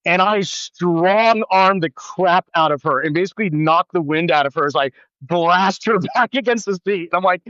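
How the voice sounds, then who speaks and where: A man in his thirties talks in a fairly high voice, spinning a story in loose, casual chat. His voice leaps up when he acts out what others said. It comes through a remote mic, a little dull and dry. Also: moderate pace, no room sound. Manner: animated, acts out quoted voices with big pitch jumps. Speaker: podcast guest.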